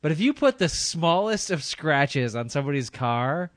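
A man co-hosting a podcast, cracking crude deadpan jokes in casual banter. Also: fairly high pitch, normal speed, no room sound, clean studio sound. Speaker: podcast co-host.

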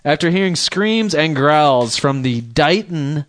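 A man's voice: a little high, expressive, slow pace, a bit bright, dry recording. Rambling jokey man, dry close mic. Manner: rambling, jokey, reads news aloud with asides. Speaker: podcast co-host reading news stories. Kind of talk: casual chat.

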